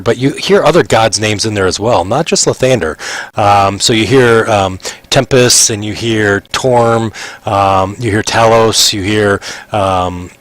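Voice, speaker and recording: A man narrating a tabletop game as game master, halting and full of fillers. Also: fairly low pitch, a bit bright, no room sound.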